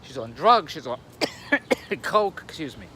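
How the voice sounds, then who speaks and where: A man's voice: a little high, sing-song, a little slow, noisy background. An older man giving a blunt, rambling monologue to a camera on a tripod, repeating words and laughing at his own jokes. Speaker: YouTube commentator.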